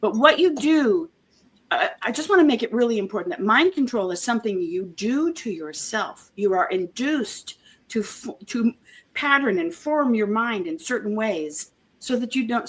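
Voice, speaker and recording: A woman being interviewed, talking earnestly in a halting way, with many restarts and homely comparisons. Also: on the high side. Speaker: interview guest, former member of a church group. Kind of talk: casual conversational interview.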